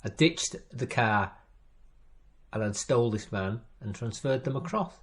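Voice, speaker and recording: A courteous Southern criminal speaks in a soft, impeccably polite drawl, as a man reading the story puts him on. The voice sits in an ordinary middle register, gentle rather than loud, and the courtesy never drops even at gunpoint. It comes across as a storybook reading. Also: mid-range voice, measured pace, lightly acted. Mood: explaining. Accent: American Southern. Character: smooth-talking male Southern crook.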